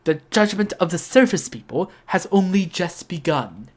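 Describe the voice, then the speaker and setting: A woman's voice: low-pitched, unhurried. A woman voicing a haughty, ancient male villain in a mildly posh, pompous tone for a game read-along. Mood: grandiose.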